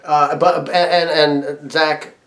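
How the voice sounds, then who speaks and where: A man's voice: fairly high pitch, little pitch movement, takes it slowly, fairly bright tone. A man casually telling a personal story, laughing often and restarting his sentences. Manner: chatty, laughs often, frequent restarts and fillers. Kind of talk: casual anecdote.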